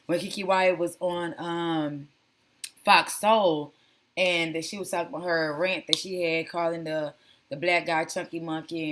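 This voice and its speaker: A woman's voice: deep voice, steady tone, normal speed, a bit bright. A woman hosting a casual reaction commentary, chatty and sassy, calling viewers honey and girl. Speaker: commentary channel host.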